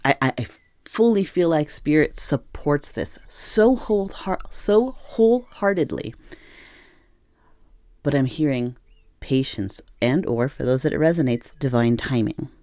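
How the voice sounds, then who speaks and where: A tarot reader with a soft, mellow tone, speaking encouragingly straight to the viewer. The delivery is earnest and searching, full of restarts and repeated phrases. The sound is close and dry, with no room around it. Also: medium pitch, a little slow, dry recording. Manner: gentle, encouraging, talks to the viewer as "you". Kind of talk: intuitive tarot reading to camera.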